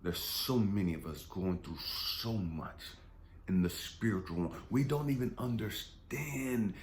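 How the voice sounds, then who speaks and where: Deep-voiced, impassioned spiritual speaker. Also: male voice, expressive, a little slow, a little hiss or hum. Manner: impassioned and confessional, dropping to whispers, with frequent profanity. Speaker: spiritual channel host. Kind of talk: emotional spiritual monologue. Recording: echoey room.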